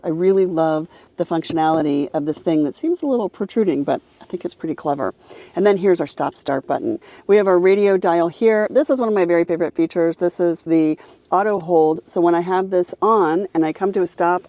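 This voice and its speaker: A woman's voice: on the low side, mellow, dry recording. A woman reviewing a car, walking through its features one by one in an upbeat, casual way. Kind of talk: casual car interior walkthrough.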